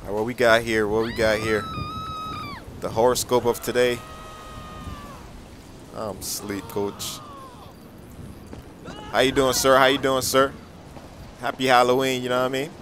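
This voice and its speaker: A young man giving casual, excitable game commentary, full of slang and repeated reactions. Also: mid-range voice, unhurried, long pauses, background noise. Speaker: gameplay commentator.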